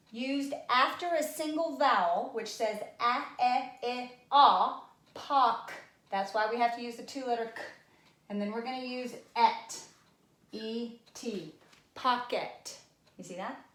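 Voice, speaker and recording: A woman's voice: fairly high pitch, takes it slowly, pauses often, fairly bright tone. Playful woman teaching spelling, echoey room. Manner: playful, uses props and guessing games. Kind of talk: spelling lesson to children.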